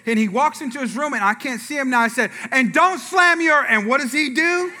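Pastor guy in a church, really high bright voice, tells stories and plays all the parts, keeps asking the crowd stuff. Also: fast. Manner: storytelling with acted-out dialogue and audience asides. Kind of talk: sermon.

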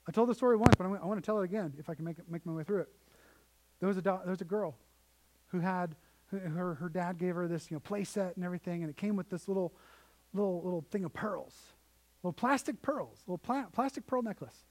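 A man's voice: sits high, fast talker, darkish tone, low-quality recording. A young man preaching a sermon in a conversational storytelling way, often restarting sentences. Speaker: pastor.

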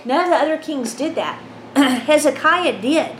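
A woman with a high voice teaches from the Bible in a relaxed, chatty way, reading passages and then explaining them. She keeps checking in with her listeners with a quick "right?". Her voice rings in a roomy space over a faint background hum.

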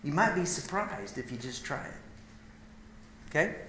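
A man's voice: fairly high pitch, animated, normal speed, fairly bright tone, slight background noise. Man telling a heartfelt story in a roomy hall. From Idaho, USA. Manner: emotional, intimate storytelling that swells and drops. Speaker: speaker at a men's gathering. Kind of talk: sermon storytelling.

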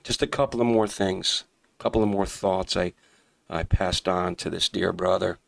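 A man's voice: low voice, steady tone, moderate pace, gravelly. A man preaching fervently as a podcast host, repeating key phrases and addressing listeners as brothers and sisters. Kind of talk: impassioned preaching.

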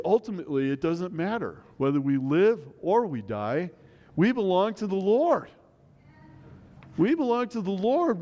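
With a mellow, slightly high voice, a middle-aged pastor delivers an earnest, conversational sermon packed with rhetorical questions. The recording comes from a church sanctuary with long hall reverb.

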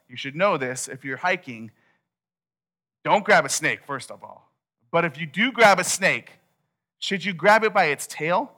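A man preaching a sermon, retelling a story with animated asides and acted-out quotes. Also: a little high. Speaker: pastor.

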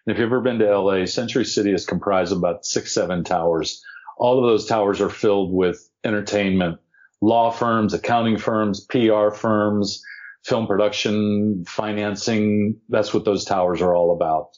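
An older man, an actor and podcast guest, telling an animated, self-deprecating anecdote and acting out the voices of people he quotes. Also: fairly low pitch, moderate pace. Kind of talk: anecdotal storytelling. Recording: dull lo-fi audio.

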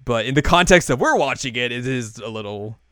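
A man casually recapping an anime episode in a loose, rambling way, with lots of fillers and quick quoted lines. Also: mid-range voice, animated, fairly bright tone, dry recording. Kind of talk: casual chat.

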